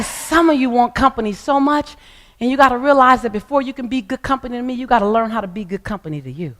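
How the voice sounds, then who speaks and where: A middle-aged woman giving a motivational speech on stage, with an emphatic, repetitive preaching cadence. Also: a little high. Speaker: motivational speaker. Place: stage before a live audience. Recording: long hall reverb.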